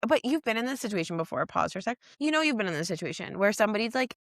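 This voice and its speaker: A woman's voice: mid-range voice, big pitch swings, racing, no room sound, studio quality. A woman co-hosting a podcast, chatting casually and jokingly about a TV episode, often laughing. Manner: giggly, jokey, quotes characters in put-on voices. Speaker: podcast co-host. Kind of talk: casual recap chat.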